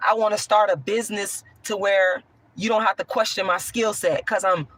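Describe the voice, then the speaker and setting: A woman with a hoarse voice, talking bluntly and profanely while answering chat on a livestream. She swings from a raised voice to soft talk. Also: medium pitch, steady tone, moderate pace. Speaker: online commentator.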